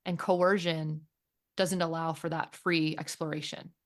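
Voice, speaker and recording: A woman's voice: sits low, flat delivery, a little slow. A woman co-hosting a casual parenting chat, earnest and reflective, thinking aloud as she talks. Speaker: podcast co-host and teen therapist.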